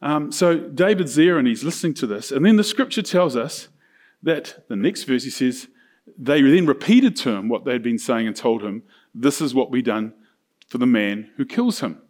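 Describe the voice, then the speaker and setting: A man preaches in a relaxed, chatty way. He retells an old story with lively pitch swings and pops into quick, playful voices for the characters along the way. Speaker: pastor. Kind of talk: sermon.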